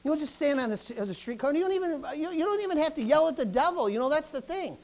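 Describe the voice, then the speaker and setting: A preacher delivering a fervent sermon, swinging from quiet asides to loud exhortation, with frequent calls of hallelujah and praise. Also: high-pitched, lively intonation, racing.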